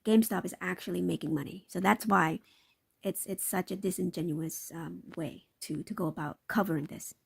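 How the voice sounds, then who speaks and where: A woman hosting a live market commentary stream, with a heavily gravelly, creaky voice and a husky edge. She rambles through her points and keeps checking in with her listeners. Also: fairly low pitch, moderate pace. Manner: talks in a loose, repetitive way with frequent tag questions. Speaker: livestream host.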